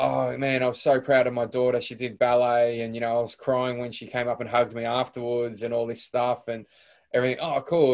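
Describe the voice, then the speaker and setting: A man with an Australian accent hosting a podcast, talking in a loose, rambling way full of restarts. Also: mid-range voice. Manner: rambling, lots of fillers and restarts. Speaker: podcast host. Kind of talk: casual interview chat.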